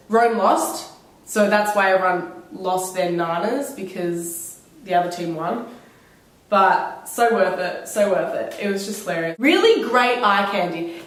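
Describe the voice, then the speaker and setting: A young Australian woman with a cold, telling travel stories in an animated, laughing vlog chat. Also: mid-range voice. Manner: enthusiastic, animated, laughing retellings with put-on quotes. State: has a cold. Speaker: vlogger. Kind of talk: casual chatty storytelling. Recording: very echoey room, mic at a distance.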